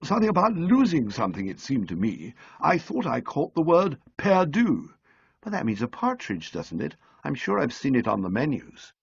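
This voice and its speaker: A man's voice: a little high, wildly swooping pitch, moderate pace, creaky, breathy edge, no room sound, muffled recording, pitched above the performer's own voice, heavily acted. A man doing a bumbling young English toff. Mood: eager. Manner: breezy, flustered toff slang. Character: young upper-class English gentleman, amiable and bumbling. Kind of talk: audiobook character voice.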